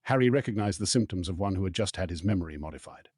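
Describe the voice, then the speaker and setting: A man reading an audiobook aloud in a steady storytelling manner. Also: low-pitched, fast talker, breathy edge, no room sound, clean studio sound. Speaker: audiobook narrator. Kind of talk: audiobook narration.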